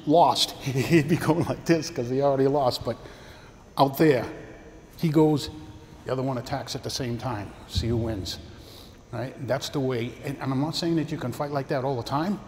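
A man's voice: medium pitch, darkish tone. Older man, karate teacher, coaching demonstrations, roomy reverberant hall, faint background hum. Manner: coaching, talks through demonstrations with partners. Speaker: karate instructor. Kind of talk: teaching a martial arts seminar. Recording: echoey hall with long reverb, faint ambience.

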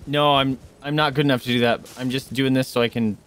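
A man streaming a video game live, reacting excitedly to what happens and chatting with his viewers. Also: mid-range voice, quick pace.

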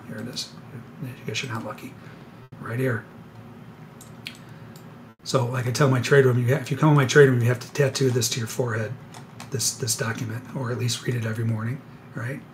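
A man at his desk mic runs a live trading webinar, breathless and excitable. He trips over his words, corrects himself and drops sarcastic asides, at an ordinary middle pitch. A faint hiss sits under the recording. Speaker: futures trader presenting a live webinar.

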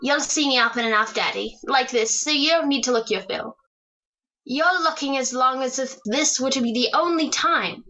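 A woman's voice: high-pitched, moderate pace, pushed and bright. A woman voicing a playful, affectionate teenage daughter in a radio drama, teasing and bubbly. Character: playful, adoring teenage daughter putting her hair up.

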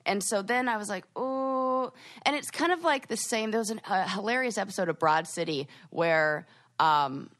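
A woman co-hosting a podcast in casual chat, rambling with lots of fillers and restarts and jumping up in pitch when she quotes herself. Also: brisk. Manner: lively, jumps up in pitch for quoted asides. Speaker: podcast co-host.

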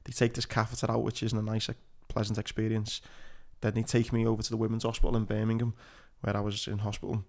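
A man's voice: lowish voice, monotone, fast, creaky, few pauses. A man speaking frankly and bluntly, with plenty of swearing, in a casual podcast chat.

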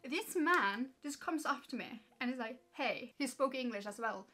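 A tired young Norwegian woman talks straight to her camera in a chatty storytime vlog. Her voice sits a little high, and she speaks English with a Norwegian accent, peppering it with "like" and the odd swear word. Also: normal speed. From Norway. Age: 20s. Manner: chatty and animated, swearing, frequent "like" fillers. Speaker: vlogger.

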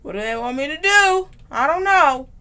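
Woman gamer, high and lively, jumpy scared commentary while playing. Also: normal speed. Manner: jumpy, scared, talks to the game. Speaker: gaming streamer. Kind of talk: horror game commentary.

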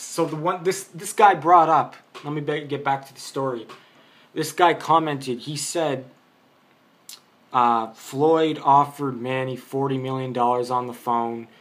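A man's voice: fairly high pitch, measured pace, a bit bright. A man giving an unscripted boxing opinion in a vlog, arguing his point, rambling and restarting his sentences. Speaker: boxing commentator.

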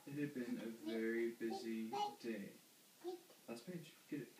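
A man's voice: medium pitch, fairly even intonation, a little slow, a little mellow, echoey room, slight background noise, rough recording. A man reading a picture book aloud to a toddler, patiently coaxing the child and quizzing him on animal sounds.

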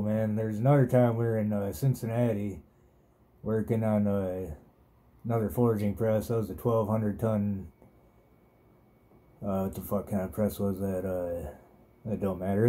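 A man's voice: lowish voice, fairly even intonation, a little slow, pauses often, dark tone. A man hosting a podcast, telling a rambling, profane story in a laid-back, casual way. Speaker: podcast host.

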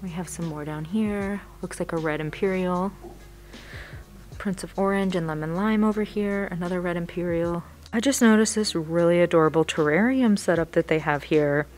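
A woman's voice: on the low side, moderate pace, faint music behind. A young woman vlogging casually while she shops in a plant nursery, gushing over what she finds. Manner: gushing, excitable, narrating as she browses. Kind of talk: casual shopping vlog narration.

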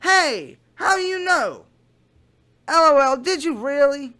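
A man putting on a high, giddy young girl. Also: expressive, takes it slowly, pushed and bright, exaggerated voice. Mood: gushing. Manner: high, bubbly, sing-song replies. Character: giddy young girl chatting online, eager.

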